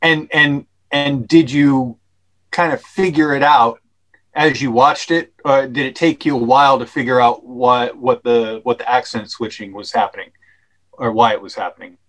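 A man's voice: mid-range voice, steady tone, moderate pace, fairly bright tone, low-quality recording. A man guest on a podcast explaining his film at length, with many fillers and restarts. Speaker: actor and filmmaker guest. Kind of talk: casual interview chat.

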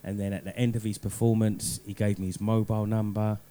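A man's voice: lowish voice, flat delivery, a little fast, a little hiss or hum. A man hosting a radio show, chatting in a laid-back, slangy way with lots of fillers. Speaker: radio DJ and host. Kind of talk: casual radio chat. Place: radio studio. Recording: radio studio with loud music underneath. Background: loud music.

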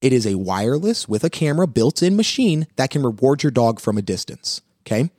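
A man hosting a live pet advice talk, walking viewers through dog training steps in an energetic, coaching way. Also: mid-range voice, brisk, no echo, clean studio sound.

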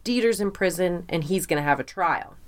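A woman with a fairly low voice tells a true crime story in loose, casual podcast chat. She is animated, often slips into quoting people, and peppers her telling with fillers and blunt asides. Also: brisk. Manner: lively, quotes people in voices, swears, filler-heavy.

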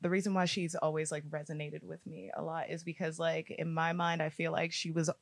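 An actress chatting in an interview, animated and quick with laughing asides. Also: female voice, low voice, vocal fry, no echo. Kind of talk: casual interview chat.

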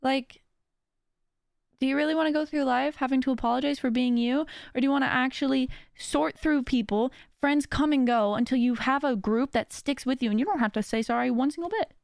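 A woman's voice: sits high, fairly quick, gravelly, dry recording, clean studio sound. A woman hosting a podcast, talking earnestly in a casual, rambling monologue with many restarts. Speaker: podcast host.

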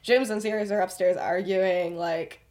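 A woman's voice: fairly low pitch, steady tone, normal speed, a little mellow, natural voice. A woman quoting a clueless, left-out teenage boy who rambles on that he has no idea what is happening. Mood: bewildered. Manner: rambling, shrugging tone.

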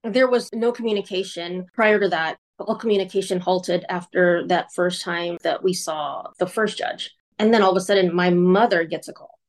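A woman's voice: fairly low pitch, normal speed, few pauses. Earnest woman recounting a personal story. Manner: earnest, re-enacts courtroom exchanges in quoted voices. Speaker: podcast guest.

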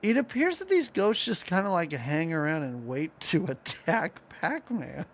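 Brief: male podcast co-host, casual chat, lively up-and-down delivery, quick to laugh and act things out. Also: fairly high pitch, breathy edge. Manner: animated, laughs often, acts out lines from the cartoon.

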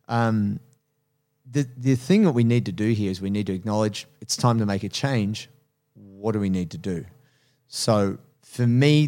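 A man's voice: on the low side, a little mellow. A man hosting a casual podcast, talking animatedly about jiu-jitsu coaching, laughing often and swearing casually.

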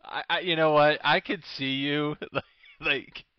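A man's voice: fairly high pitch, steady tone, a little slow, clear, resonant tone, dry recording, muffled recording. A man co-hosting a live podcast, reacting with easy laughs and casual chat. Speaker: podcast co-host.

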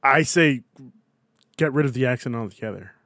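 A man's voice: mid-range voice, animated, moderate pace, a bit bright, no room sound, clean studio sound. A man hosting a casual podcast chat, loose and swearing freely. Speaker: podcast host.

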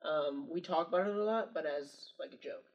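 A young man in his twenties talks in a laid-back, joking way, filling his sentences with "like" and "uh". His voice is a little higher than most men's. The audio is dull and a bit distant from the mic. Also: fairly quick. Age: 20s. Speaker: podcast guest, brother. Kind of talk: casual podcast conversation.

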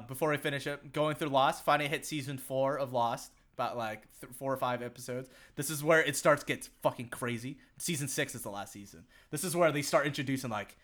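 A man's voice: mid-range voice, fairly quick, fairly bright tone. A young man co-hosting a podcast, chatting casually in a rambling way, swearing a lot, laughing often and saying "like" constantly. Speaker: podcast co-host. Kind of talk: casual chat.

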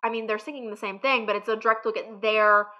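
A woman's voice: on the high side, fairly even intonation, fast, lo-fi sound. A woman in casual conversation, reacting with enthusiasm. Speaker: podcast co-host. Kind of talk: casual chat.

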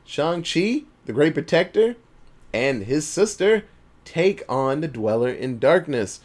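A podcast co-host with a higher voice speaks slowly as he casually recaps a movie. He swears freely and animatedly acts out the characters' lines in different voices.

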